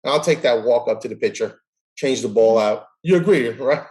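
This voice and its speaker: Animated man telling a story. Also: medium pitch, moderate pace, poor audio. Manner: animated storyteller who acts out dialogue. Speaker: host. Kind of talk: casual interview storytelling.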